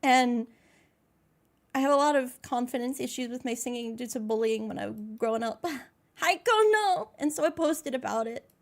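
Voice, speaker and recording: A woman's voice: fairly high pitch, fairly even intonation, brisk, creaky. A woman streaming live and chatting with viewers, gushing and slangy, teary as she holds back happy tears. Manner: gushing, slangy, says dude and bro a lot. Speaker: VTuber streamer.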